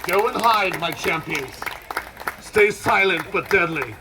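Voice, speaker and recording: A commanding, theatrical man runs an interactive outdoor street show, trading dry sarcasm with the audience. His voice sits high for a man. A lively crowd and steady outdoor noise sit behind him. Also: normal speed. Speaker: street performer leading a crowd. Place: outdoor festival stage.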